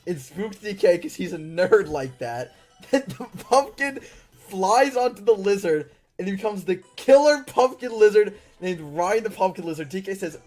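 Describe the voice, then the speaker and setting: Man, casual story reading, laughs often, incredulous outbursts, lively swooping voice, faint music underneath. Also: high-pitched, moderate pace. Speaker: YouTuber reading viewer stories. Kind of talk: casual reading aloud with commentary.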